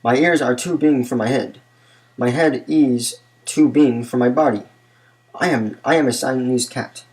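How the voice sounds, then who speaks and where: A man's voice: unhurried, lightly acted, poor audio. A man reading aloud and voicing a playful little boy kitten with a mock-Spanish flair. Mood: proud. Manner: mock-Spanish flourish, high excited bursts. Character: small boy Siamese kitten, playful and daydreaming.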